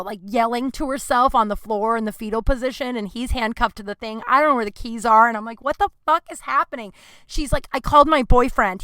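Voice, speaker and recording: Woman podcast host, bright high voice, dry close sound, swears a lot, rambling storytelling. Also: smooth, no room sound. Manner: profane, rambling, animated. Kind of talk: casual storytelling.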